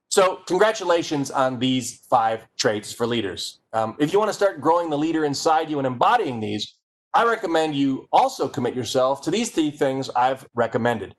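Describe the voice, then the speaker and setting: A man giving a playful, energetic comic presentation and speaking straight to his audience. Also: medium pitch, normal speed. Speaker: keynote speaker. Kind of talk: comedic presentation.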